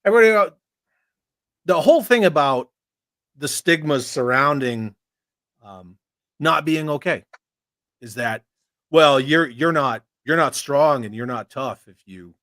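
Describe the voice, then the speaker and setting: A man's voice: fairly high pitch, animated, a little slow, pauses often, a bit bright, dry recording, clean studio sound. A man hosting a casual livestream chat, reading viewer messages aloud, frank and profane. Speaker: host.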